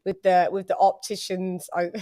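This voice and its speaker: A woman hosting a casual chat, telling lively stories and acting out what people said. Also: on the low side, a little slow. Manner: animated, storytelling with quoted voices. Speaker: host.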